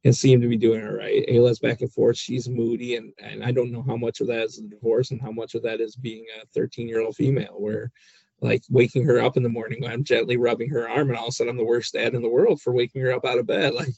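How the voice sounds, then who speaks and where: A man's voice: mid-range voice, flat delivery, quick pace, vocal fry, warm tone, breathy edge, no echo, lo-fi sound. A middle-aged man as a podcast guest in a casual chat, laid-back and hesitant, often repeating words. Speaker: guest, city commissioner.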